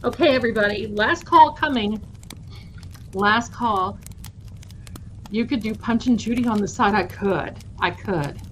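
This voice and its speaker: A woman's voice: medium pitch, measured pace, pauses often, a little hiss or hum, poor audio. A woman hosting a casual livestream giveaway, chatty and affectionate with her viewers. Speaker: host of a tarot channel livestream.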